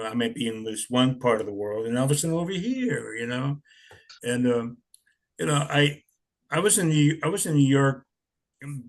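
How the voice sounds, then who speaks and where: A man's voice: mid-range voice, fairly bright tone. An older man telling stories in a rambling, chuckling way, full of "you know"s. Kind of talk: casual storytelling.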